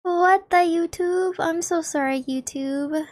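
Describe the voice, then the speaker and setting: High-pitched giggly young woman streamer. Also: slow pace. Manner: excitable, giggly, talks straight to chat. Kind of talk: casual livestream chat.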